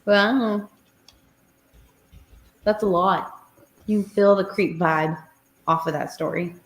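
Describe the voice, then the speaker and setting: A woman's voice: medium pitch, steady tone, takes it slowly, reverberant. A woman giving short, wry reactions in casual group chat.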